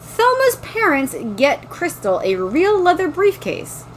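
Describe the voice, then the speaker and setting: A woman co-hosting a podcast, recapping a book in casual chat, animated and swearing freely. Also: extremely high pitch, unhurried, a little hiss or hum, poor audio. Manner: animated, swears freely, acts out quotes in silly voices. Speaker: podcast co-host.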